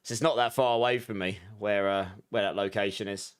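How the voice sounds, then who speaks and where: A man's voice: fairly low pitch, steady tone, clear, resonant tone. Chatty Essex man streaming a game. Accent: Essex English. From southeast England. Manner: chatty, reads out viewer messages, quick asides. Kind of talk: casual live-stream chat.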